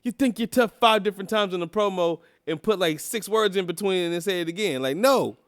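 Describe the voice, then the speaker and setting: A man's voice: high-pitched, a little fast, clear, resonant tone, no echo, studio quality. A young man co-hosting a wrestling podcast, ranting bluntly with lots of profanity. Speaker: podcast co-host. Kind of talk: casual chat.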